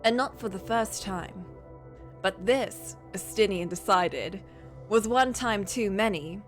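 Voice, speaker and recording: A woman's voice: medium pitch, slow pace, faint music behind. A woman streamer reading a story aloud in a casual way, with playful, chatty asides.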